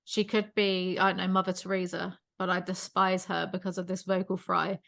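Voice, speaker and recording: A woman hosting a casual podcast chat, ranting about online creators in an opinionated, animated way. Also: fairly low pitch, normal speed. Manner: ranting, opinionated, self-aware about vocal fry. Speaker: podcast host.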